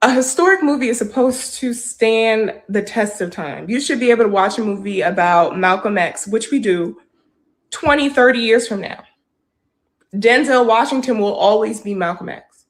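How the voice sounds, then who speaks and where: A woman's voice: a little high, normal speed. Indignant woman ranting to camera. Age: adult. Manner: indignant, argumentative, rhetorical questions. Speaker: social media commentator. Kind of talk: direct-to-camera commentary.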